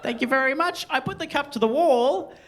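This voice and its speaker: A man's voice: very high voice, brisk, very noisy. A young man performing a rambling, self-deprecating stand-up comedy set at a live venue. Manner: rambling, self-deprecating, lively delivery to a laughing crowd. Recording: live show, audience laughter behind.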